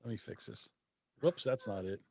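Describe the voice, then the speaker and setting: A man's voice: on the low side, animated, normal speed, a little mellow. A man, hosting a casual live stream, rambling and laughing often. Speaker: host.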